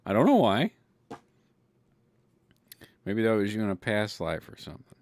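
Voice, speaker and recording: Speaking at normal speed in a lowish, sing-song voice with a darkish tone, a Californian-accented man from Ventura County chats casually with his livestream audience. He reads their messages, rambles with plenty of fillers, and swears freely.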